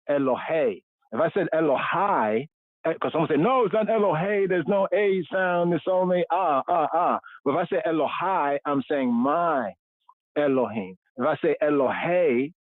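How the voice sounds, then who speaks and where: A man's voice: medium pitch, no room sound. A man leads a livestreamed scripture lesson, and his voice comes through a thin, tinny, phone-like line with no room sound. He stretches out foreign words and says them again and again. He often stops to ask "right?". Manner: drawn-out repetition of Hebrew words, frequent "right?" check-ins. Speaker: host teaching scripture and Hebrew. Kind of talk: livestreamed Bible study.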